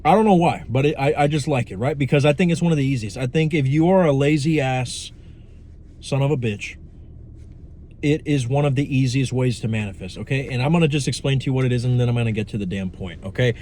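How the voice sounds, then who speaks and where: A man's voice: medium pitch, fast talker, dark tone, slight background noise. A young man giving a casual, profane, rambling talk on manifestation, blunt and full of asides. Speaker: manifestation coach. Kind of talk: casual monologue to camera.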